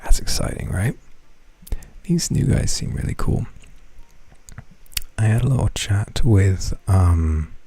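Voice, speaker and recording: A man streaming in a casual chat, talking in a hushed half-whisper, rambling and swearing casually. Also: fairly low pitch, animated, slow pace, long pauses, husky, no echo. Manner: profane, self-deprecating.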